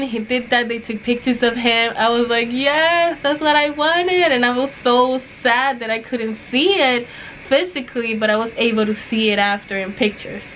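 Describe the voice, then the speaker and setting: A woman's voice: on the high side, fairly bright tone. Young woman, casual vlog, rambling storytelling, recovering from surgery, faint room hum. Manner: rambling, with many likes and ums. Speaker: new mother.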